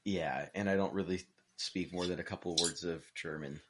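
A man co-hosting a podcast in casual chat, relaxed and often hesitating with ums. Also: sits low, brisk, heavy background noise. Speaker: podcast co-host.

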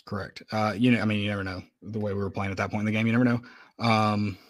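A man's voice: fairly low pitch, flat delivery, fast talker. A man co-hosting a casual sports podcast, venting bluntly and with emphasis about a loss. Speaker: podcast co-host.

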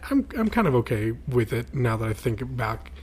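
A man's voice: mid-range voice, very animated, normal speed, a little mellow, slightly rough. A married man co-hosting a podcast in casual chat, rambling with fillers and restarts. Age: adult, married. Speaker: podcast co-host.

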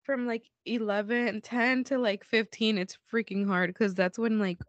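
A woman co-hosting a casual podcast, chatty and quick to laugh, with lots of filler words. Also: on the high side, fairly even intonation, no echo, muffled recording. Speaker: podcast co-host. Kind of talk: casual chat.

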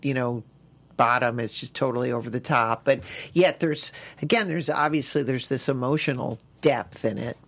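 Deep-voiced woman interviewer. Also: normal speed, vocal fry. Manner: attentive, conversational questioning. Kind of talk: casual interview conversation.

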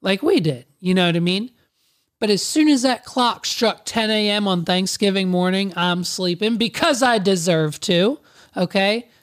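A man's voice: high voice, normal speed. Sarcastic man telling a rambling story. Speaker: podcaster. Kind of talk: casual comedic storytelling.

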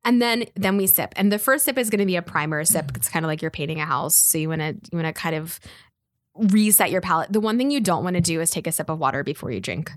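A woman's voice: on the low side, expressive, fast talker, dry recording, studio quality. A woman sommelier guest casually explaining wine tasting, chatty with lots of fillers. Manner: chatty and laughing, full of fillers.

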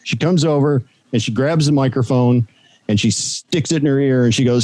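A man's voice: medium pitch, brisk, no room sound. A man, a longtime radio broadcaster, telling stories in a casual interview. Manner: storytelling, animated anecdotes.

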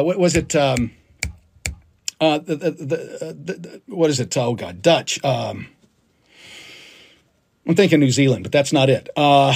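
A man's voice: fairly high pitch, darkish tone, breathy edge. A man hosting a live stream, delivering an emphatic, passionate rant with frequent restarts. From United States. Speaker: political livestream host. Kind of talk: ranting monologue on a live stream.

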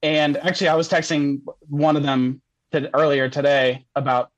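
A man's voice: fairly high pitch, level tone, normal speed, no echo, muffled recording. A young man telling a story as a podcast guest, casual and rambling, laughing often and saying "like" a lot.

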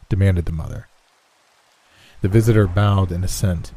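A man narrating a horror story in a slow, somber storytelling manner. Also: low-pitched, vocal fry, mellow, breathy edge. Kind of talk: scripted horror story reading.

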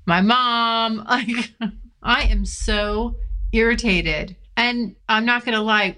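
A woman's voice: on the high side, pushed and bright. A woman hosting her own podcast, venting frankly and with plenty of swearing. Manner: frank and profane, venting with laughs. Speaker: podcast host. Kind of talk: candid solo podcast rant. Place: California. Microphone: filmed while recording.

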